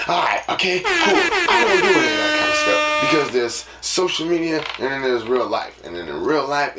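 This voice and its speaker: A man hosting a casual solo podcast, rambling and preachy, often tagging lines with "you know what I'm saying.". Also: medium pitch. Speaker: podcast host. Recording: roomy, distant mic with noise.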